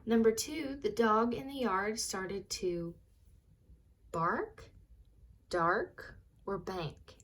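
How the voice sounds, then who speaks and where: A young woman teacher giving a recorded reading lesson to young students, slowly and clearly sounding out words and walking through worksheet answers. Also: mid-range voice, a bit bright.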